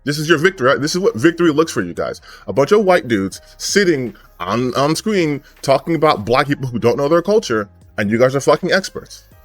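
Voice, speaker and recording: A man's voice: medium pitch, big pitch swings, a little fast, few pauses, no echo, faint music behind. A man giving a heated, profane commentary rant, angry and sarcastic. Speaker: gaming commentary YouTuber.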